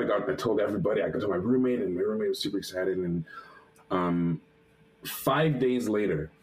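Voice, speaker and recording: A male animator, a guest in an interview, telling a personal story lively and acting out the quotes, with many restarts and fillers. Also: deep voice, slight background noise, low-quality recording. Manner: lively retelling that acts out quotes.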